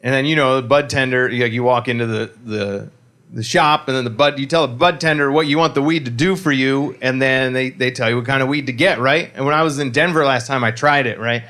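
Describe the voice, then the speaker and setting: A man's voice: mid-range voice, fairly quick, pushed and bright. Self-deprecating stand-up man, rambling punchlines. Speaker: stand-up comedian. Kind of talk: stand-up set. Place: comedy club stage.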